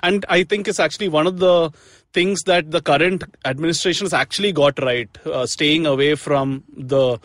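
A man's voice: fairly high pitch, moderate pace, a bit bright, dry recording, clean studio sound. A young man hosting a podcast in casual, jokey, rambling chat. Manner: jokey, rambling, laughs often. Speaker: podcast host.

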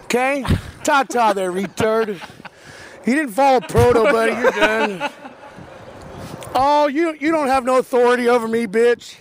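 A man's voice: extremely high pitch, normal speed. A man filming outdoors at a fence, ranting and hurling insults in an aggressive, repetitive way.

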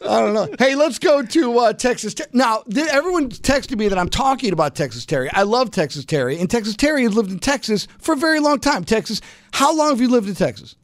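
Animated radio host. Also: male voice, very high-pitched, dry recording. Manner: animated, quick asides, rhetorical questions. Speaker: radio talk show host. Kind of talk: casual call-in radio chat.

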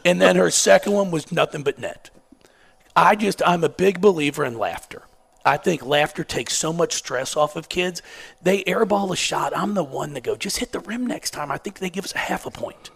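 Gravelly middle-aged man who stutters. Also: fairly high pitch, moderate pace, a bit bright. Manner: stutters, sarcastic and self-mocking. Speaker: basketball coach. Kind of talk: casual storytelling interview.

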